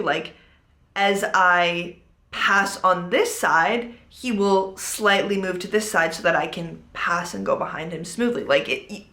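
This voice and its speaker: A woman's voice: on the low side, fairly bright tone. A woman hosting a casual storytime podcast, talking in a chatty way with lots of "like". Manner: chatty, fills speech with "like". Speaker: podcast host. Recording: roomy echo.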